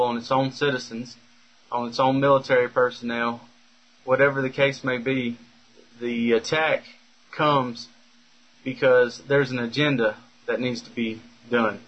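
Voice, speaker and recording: Bright-voiced man rambling in a monologue. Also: mid-range voice, dull audio. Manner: rambling, with frequent fillers and restarts. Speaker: speaker recounting a personal story. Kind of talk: unscripted monologue.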